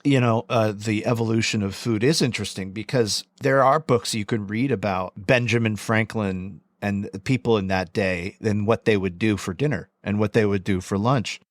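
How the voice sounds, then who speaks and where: A man's voice: fairly low pitch, moderate pace, few pauses, dry recording, studio quality. Rambling man musing on a podcast. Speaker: podcast co-host. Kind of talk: casual chat.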